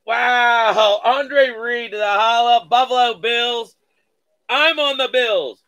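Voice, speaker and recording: A man's voice: very high voice, takes it slowly, sharp tone, clean tone. A man hosting a live card-breaking stream, reading out pulls with hype catchphrases and playful mock-cursing.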